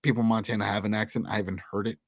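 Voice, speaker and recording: A man co-hosting a casual TV recap, speaking in a relaxed, conversational way as he speculates about the episode. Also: lowish voice, very fast, no echo, clean studio sound. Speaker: podcast co-host.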